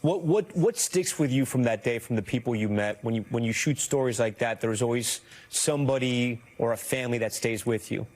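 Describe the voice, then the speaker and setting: Guy anchoring the evening news, earnest, measured, average pitch. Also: darkish tone. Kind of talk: news anchor narration and interview.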